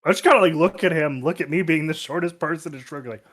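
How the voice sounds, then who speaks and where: A man playing a tabletop game, joking and offhand in casual play, with a husky voice. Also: on the high side, fast, a bit bright. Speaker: player.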